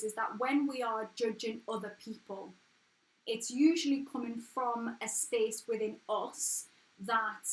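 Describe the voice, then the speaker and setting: Woman in her 30s, down-to-earth English accent, earnest and frank live-stream host, slightly high voice. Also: a bit bright. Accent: English, not posh. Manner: frank, earnest and chatty, with restarts and swearing. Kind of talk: casual motivational live chat. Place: at home. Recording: echoey room.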